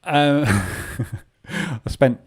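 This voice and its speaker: A man's voice: medium pitch, animated, drawn-out words, slightly rough. Chatty man, full of ums. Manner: casual, rambling, many filler ums. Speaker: trading room host. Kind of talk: live market commentary.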